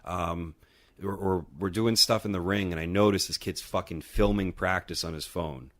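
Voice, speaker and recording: Super deep voice guy, podcast host rambling on, swears a lot. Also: fairly even intonation, normal speed. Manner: profane, rambling storyteller. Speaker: podcast co-host and wrestling trainer. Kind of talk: casual chat.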